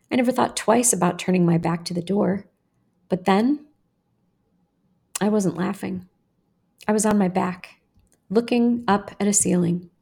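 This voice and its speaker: A woman podcast host reading her own personal essay aloud in a measured, earnest way. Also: fairly low pitch, gravelly, warm tone, slightly rough.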